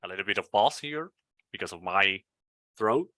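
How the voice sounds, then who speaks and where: A man whose first language is Spanish, coaching English pronunciation in an online lesson and repeating each word slowly to model its sound. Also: on the low side, lively intonation, pushed and bright, dry recording. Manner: slow, repeats words over and over to model sounds. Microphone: video call.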